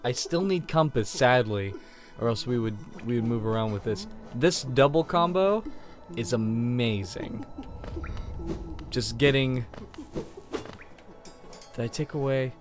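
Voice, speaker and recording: A man giving casual gameplay commentary as a let's play host, giggly, gushing and excitable. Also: medium pitch, measured pace, pauses often, over music.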